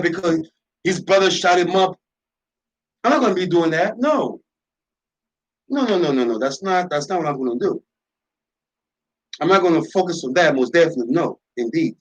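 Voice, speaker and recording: A man's voice: high voice, poor audio. A man hosting a radio talk show, delivering an impassioned, preachy monologue with lots of repetition and emphasis.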